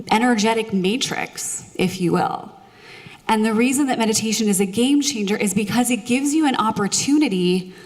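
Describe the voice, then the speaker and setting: A woman leading a live audience in guided meditation, joking with them before moving into slow, soothing instructions. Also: on the high side. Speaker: meditation teacher. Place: live show venue with audience. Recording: long hall reverb.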